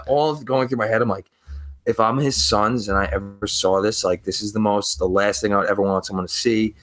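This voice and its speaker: A young man with a somewhat low voice tells a story on a casual podcast. He rambles, swears freely, and acts out the people he quotes. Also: fairly quick, fairly bright tone. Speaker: podcast co-host.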